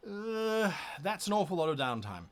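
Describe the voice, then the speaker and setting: A man with a somewhat high voice talks informally before a tabletop session. He explains his preparation as a game master and thinks aloud as he goes. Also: sing-song, normal speed. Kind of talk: casual pre-session talk to camera.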